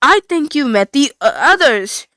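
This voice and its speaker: A woman's voice: sits high, big pitch swings, moderate pace, bright, forceful tone, dry recording, clean studio sound, pitched above the performer's own voice, full character voice. A woman voicing a malfunctioning male party robot host who stutters and glitches through a cheerful welcome. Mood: glitchy cheer.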